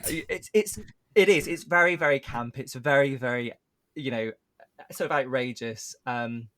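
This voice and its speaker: A man's voice: medium pitch, unhurried, a bit bright, dry recording. Chatty man, dry close sound. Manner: chatty, laughs often, many fillers. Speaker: podcast co-host and actor. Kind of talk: casual behind-the-scenes chat.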